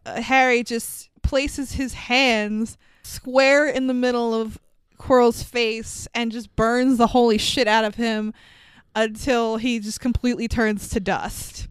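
A woman with a fairly high, smooth, clean voice retells a film scene by scene, animated and swearing freely. Her voice sits close to the mic, dry with no room sound at all. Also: slow pace, dry recording. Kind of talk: casual movie recap.

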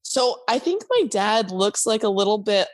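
A young woman hosts a podcast, chatting casually at normal speed in a mid-range voice. She's an animated storyteller, quoting the people in her stories in lively voices.

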